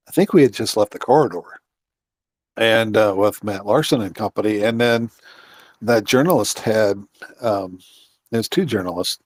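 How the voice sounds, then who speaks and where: A man's voice: on the low side, a little mellow, dry recording. A middle-aged man, a guest on an interview, telling a long outdoor story in a rambling way full of fillers and restarts. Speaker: guest, outdoorsman and Bigfoot researcher.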